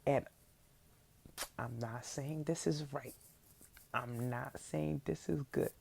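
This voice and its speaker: A young adult woman, a podcast host, telling a childhood story in a casual, animated way and acting out her younger self. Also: a bass voice, slow, gravelly, slight background noise.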